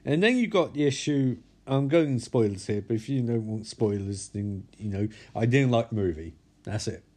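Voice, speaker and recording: A man's voice: medium pitch, a little mellow. A tired man reviewing a movie in a casual vlog, rambling and blunt, swearing freely.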